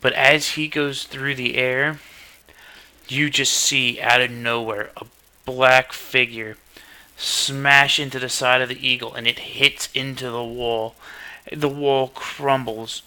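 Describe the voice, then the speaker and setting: A man's voice: medium pitch, level tone, slow pace, pushed and bright, clear, resonant tone. A man narrating as game master in a tabletop game, telling the scene in a loose, swearing way.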